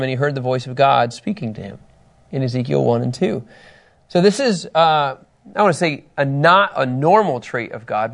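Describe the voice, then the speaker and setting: A man teaching a Bible lesson to a group, reading scripture passages aloud and asking his listeners questions in an animated way. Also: mid-range voice, gravelly.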